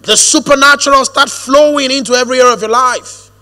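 A man preaching a sermon, shifting from hushed storytelling to a firm, drawn-out preaching cadence. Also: extremely high pitch, fairly even intonation. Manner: storytelling, drops to hushed quoted asides, then rises to a firm preaching cadence. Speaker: pastor. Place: church auditorium. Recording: long hall reverb.

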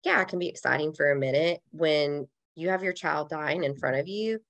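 A woman with a low, gravelly voice speaks to a podcast host. She is earnest and reflective and drops casual fillers as she talks. The sound is close and dry, with little room. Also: fairly quick, a bit bright, dry recording. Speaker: podcast guest. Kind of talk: heartfelt conversational interview.

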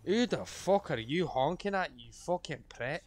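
Swearing streamer ranting at a game. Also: male voice, fairly high pitch, animated, a little slow. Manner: profane, ranting, yelling insults at game characters. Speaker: livestreamer. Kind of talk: live gameplay commentary.

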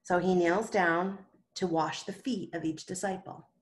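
Gentle, lower-voiced Sunday school teacher. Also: female voice, steady tone, measured pace. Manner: gentle, asks children questions. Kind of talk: Bible story lesson for children.

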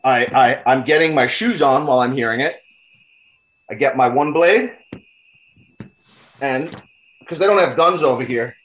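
A man, a podcast guest, telling a story in a blunt, heavily profane, casual way. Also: medium pitch. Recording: slightly dull lo-fi audio.

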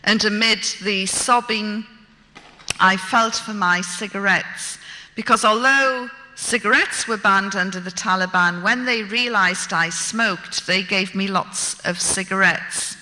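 Slow, very bright woman storyteller. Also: mid-range voice. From Britain. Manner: vivid, wry and self-mocking. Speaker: storyteller recounting her own experience. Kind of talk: dramatic personal storytelling. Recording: long hall reverb.

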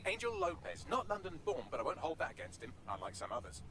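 Sardonic AI helper, quick, lively pitch, video game dialogue. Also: male voice, creaky, exaggerated voice. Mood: dry. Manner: dry, sardonic asides. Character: dry witty male AI assistant.

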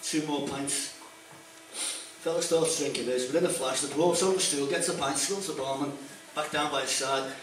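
A Liverpool man does stand-up, chatting through long jokes and slipping into the characters as he goes. His voice sits slightly high. It is caught from a distance in a very echoey room with a clear background hum. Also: a little fast. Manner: chatty joke-telling, acting out characters. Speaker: stand-up comedian. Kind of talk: stand-up comedy routine. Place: stage in a room with an audience. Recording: echoey room recorded from afar.

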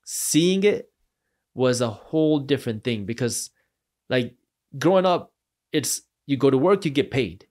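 A man guest on a podcast, telling his stories with animated energy. He jumps into quick impressions of the people in them, and his voice sits at an ordinary middle pitch. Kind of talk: animated storytelling.

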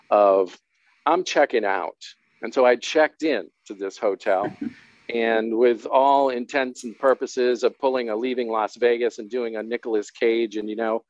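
A man's voice: medium pitch, no echo. A man telling his recovery story in a candid interview, rambling and self-deprecating with wry humor. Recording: dull, dry lo-fi sound.

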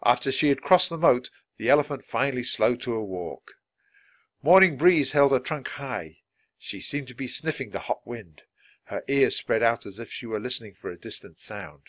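Man reading a children's book aloud. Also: mid-range voice. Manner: clear, measured, lively reading. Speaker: storybook reader.

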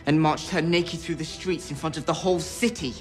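A man's voice: a little high, steady tone, brisk, faint music behind, natural voice. An actor playing an indignant young RP king. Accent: posh RP. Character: young earnest king, upset.

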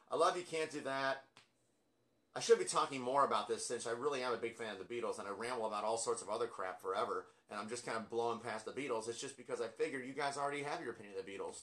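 A man's voice: mid-range voice, pushed and bright. A man casually ranking albums from his record collection, rambling and self-deprecating with lots of fillers. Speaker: music collector vlogger.

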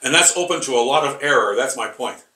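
A man teaching a rambling Bible lesson, halting and repeating words with many fillers, emphatic and combative. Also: medium pitch, expressive, bright, forceful tone. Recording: echoey room, voice from far off.

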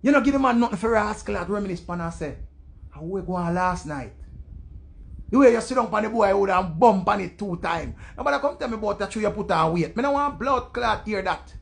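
Jamaican male vlogger, high gravelly voice, loud profane patois rant with mocking impressions. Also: expressive, quick pace, few pauses. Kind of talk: ranting commentary.

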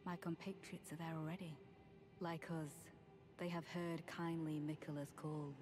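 An actress playing a devout female warrior guide who speaks in a measured, formal way, heard as game audio. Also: sits low, little pitch movement, close to an everyday voice. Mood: solemn. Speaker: game character. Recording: game audio with music behind. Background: music.

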